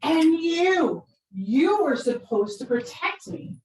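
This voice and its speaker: A woman's voice: sits high, steady tone, normal speed, mellow, pitched above the performer's own voice, lightly acted. A woman acting out her panicked teenage adopted daughter in a frantic, wailing voice, recorded from a distance in an echoey room. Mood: tearful.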